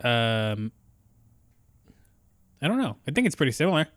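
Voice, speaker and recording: A man's voice: mid-range voice, sing-song, normal speed, a bit bright, no room sound. Brief: male podcast host in his twenties, rambling casual chat, dry close sound. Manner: loose and rambling, many fillers and restarts.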